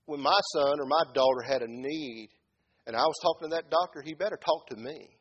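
Husky-voiced preacher, quiet then shouting. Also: male voice, fairly high pitch, fairly quick, lo-fi sound. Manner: swings from quiet talk to loud shouted peaks. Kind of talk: sermon.

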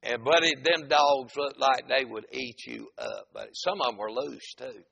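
A man's voice: mid-range voice, big pitch swings, normal speed, gravelly, dull audio, crowd noise. A man from North Carolina, preaching a rambling storytelling sermon in a church, dotted with "amen" and "uh". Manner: rambling, repetitive, frequent "amen" and "uh". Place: church auditorium.

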